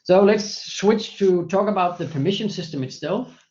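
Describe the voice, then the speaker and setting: A man with a slightly high voice walks through a software product demo step by step, pausing often to find his words. The webinar audio sounds dull and lo-fi. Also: a little hiss or hum. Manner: many fillers and restarts, methodical walkthrough. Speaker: software presenter. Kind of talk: screen-share product demo.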